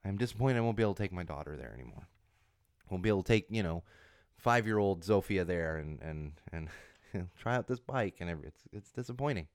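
A man in his thirties with a hoarse voice from a cold, hosting a podcast in a casual, rambling monologue with lots of restarts and emphatic repeats. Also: low-pitched, lively intonation, fast talker, no echo, studio quality. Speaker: podcast host.

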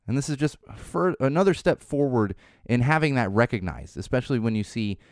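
A man's voice: mid-range voice, animated, a little fast, dry recording, clean studio sound. A man hosting a casual solo podcast, rambling with a wry tone and restarting his sentences often. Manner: rambling, wry, repeats words while restarting. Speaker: podcast host.

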